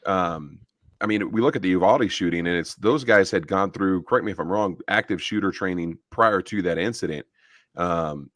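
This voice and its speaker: A man's voice: deep voice, dry recording, studio quality. A man hosting a casual podcast interview, asking long, rambling questions and often restarting them. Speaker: podcast host.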